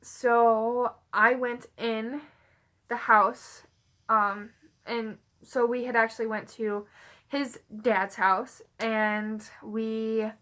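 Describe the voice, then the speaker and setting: A woman's voice: fairly high pitch, fairly even intonation, extremely slow, pushed and bright. A young adult woman vlogging, telling a personal story in a rambling, casual way with many "like" fillers.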